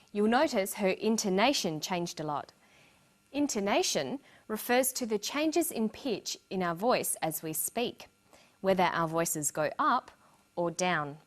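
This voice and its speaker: A woman narrating a scripted English lesson with slow, clear explanations. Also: mid-range voice. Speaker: English teacher.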